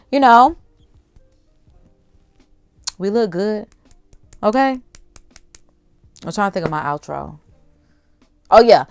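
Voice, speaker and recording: A young adult woman hosting a casual livestream, chatty and animated, talking straight to her viewers in slangy asides. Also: mid-range voice, clean tone, no room sound, clean studio sound. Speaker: livestream host.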